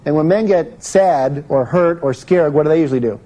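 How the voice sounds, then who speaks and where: A man's voice: on the high side, a little fast, mellow, rough recording. A man giving a live self-help seminar, explaining step by step and putting questions to his audience.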